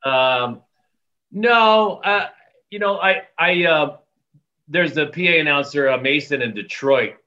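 A man who works as an arena announcer, telling stories in a casual interview with animated quoted voices and frequent laughter. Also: on the high side, slow, lo-fi sound. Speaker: arena public address announcer.

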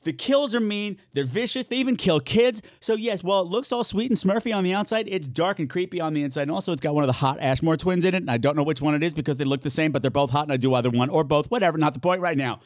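A man hosting a solo podcast, chatting in an animated, campy way, swearing freely and talking to himself. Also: on the high side, fast, few pauses, dry recording, clean studio sound. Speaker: podcast host. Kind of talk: solo podcast chat, horror recommendations.

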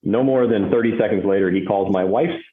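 A man's voice: on the low side, fairly quick, a little hiss or hum. A man in his forties, an agency owner, telling a story on a headset from his home office. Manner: animated storyteller, self-described monotone phone voice. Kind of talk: casual storytelling. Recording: tinny phone-like headset audio, echoey.

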